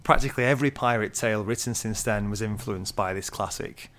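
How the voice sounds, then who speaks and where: A man's voice: fairly low pitch, a little fast, fairly bright tone. A man co-hosting a casual book podcast, reading out listener reviews and laughing often. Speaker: podcast co-host.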